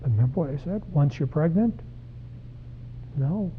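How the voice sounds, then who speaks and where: This psychologist, a man in his sixties, lectures parents in a church hall in a direct, chatty way, asking the audience questions as he goes. His voice is a little high and expressive, delivered at normal speed. A faint hiss or hum runs under the tinny, phone-like audio.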